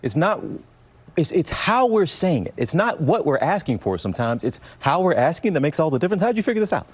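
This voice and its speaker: A man's voice: on the high side, big pitch swings, a little fast, husky. A man hosting a morning TV interview in a studio, upbeat and chatty as he reads intros and quizzes his guest. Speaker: TV morning show host.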